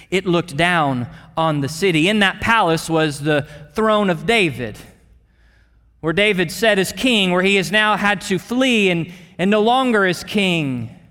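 A pastor delivering an earnest sermon, repeating words and dropping to a hush for emphasis. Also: male voice, a little high, in a large hall. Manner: earnest, with repeated words and dramatic drops in volume.

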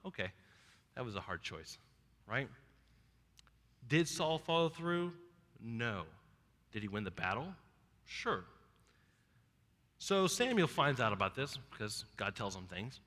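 A man preaching a sermon, retelling a Bible story with lively, acted-out asides. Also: medium pitch, big-room sound. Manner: animated storytelling, acting out biblical characters. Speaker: pastor.

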